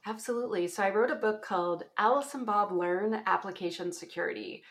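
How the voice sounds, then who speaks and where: A woman's voice: medium pitch, brisk. A woman in her forties with a Canadian accent, a guest telling her career story in a chatty, laughing way. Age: 40s. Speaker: guest, application security author. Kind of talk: casual interview chat.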